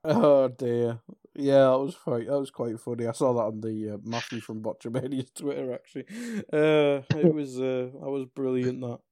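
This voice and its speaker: A man's voice: mid-range voice, steady tone, moderate pace, dark tone, no echo. A man co-hosting a wrestling podcast, talking casually with lots of ums, restarts and the odd swear. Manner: rambling, swears, trails off with ums. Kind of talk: casual chat.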